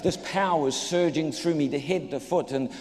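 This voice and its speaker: A New Zealand preacher, new to us, gives a lively, humorous sermon testimony in a fairly high voice at a moderate pace. He's an animated storyteller who acts out voices and jokes with the audience, and the echoey hall adds plenty of reverb.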